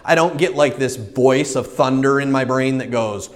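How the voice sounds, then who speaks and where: In a large hall, a man preaches as a pastor at normal speed and medium pitch. He tells stories with animation, dramatizing the voices in his head.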